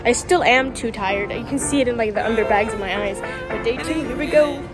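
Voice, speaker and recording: A woman casually vlogging to camera from her phone, excitable and playful, swearing now and then. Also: a little high, fairly quick, over loud music. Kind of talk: casual vlog chatter to camera. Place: stores, streets and a theme-park district.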